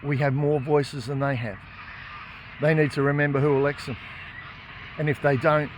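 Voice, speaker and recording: A man's voice: medium pitch, noisy background. An Australian man, an activist filming himself, speaking in an impassioned, defiant way and raising his voice to make his points. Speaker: animal rights activist. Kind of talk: impassioned filmed monologue and confrontation. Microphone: phone camera held by speaker.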